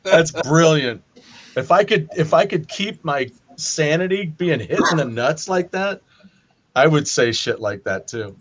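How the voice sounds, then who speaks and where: A man with a fairly high voice tells stories with gusto in a relaxed group chat. He slips into other voices to act out quotes. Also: unhurried. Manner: animated storytelling, acts out quotes. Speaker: podcast co-host. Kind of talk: casual chat.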